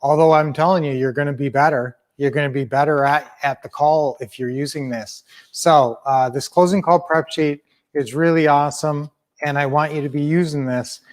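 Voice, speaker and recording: A man's voice: a little high, fairly even intonation, normal speed. A man coaching his viewers in a casual live stream, with an upbeat, rambling manner and frequent self-corrections. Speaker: sales coach and teacher.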